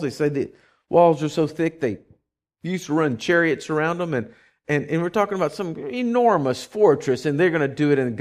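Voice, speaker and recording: Animated man preaching a folksy sermon. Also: mid-range voice. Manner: animated storytelling, acts out voices; folksy, conversational.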